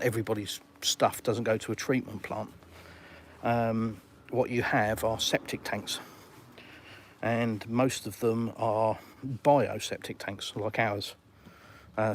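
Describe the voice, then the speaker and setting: A man's voice: fairly low pitch, slight background noise. A middle-aged Englishman with an English accent, chatting casually on a live stream from beside his outdoor swimming pool and answering viewers with plenty of fillers and British slang. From England.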